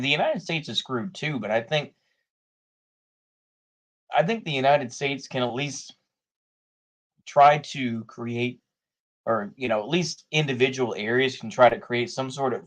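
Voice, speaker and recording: Man, political commentator, casual rambling talk, middle pitch, filler-heavy, laughing often. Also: unhurried, long pauses.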